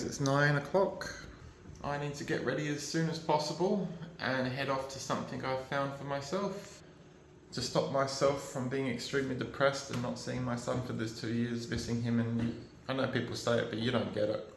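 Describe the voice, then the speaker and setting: Rambling Australian man, low voice. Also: a little hiss or hum. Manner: rambling, frustrated, emotional, swears. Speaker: vlogger. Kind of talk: rambling personal vlog. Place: at home, indoors. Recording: roomy echo, faint ambience.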